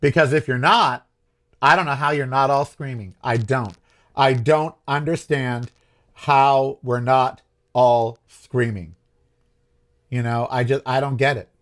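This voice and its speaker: A man's voice: medium pitch, fairly even intonation, a little slow, a bit bright. A man hosting his own show, talking in a rambling, frustrated political monologue that keeps questioning itself. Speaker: host.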